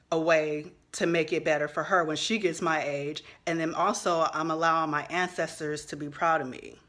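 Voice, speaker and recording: A woman's voice: on the low side, a bit bright. A woman in her thirties, a social worker, giving a passionate vlog monologue, emphatic and swearing freely as she builds to outbursts.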